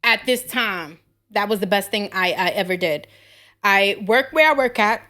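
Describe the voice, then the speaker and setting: A woman's voice: mid-range voice, normal speed. A woman in her thirties hosting a podcast, telling brash, profane stories in casual chat. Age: 30s. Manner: brash, profane storytelling with animated quoted voices. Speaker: podcast host.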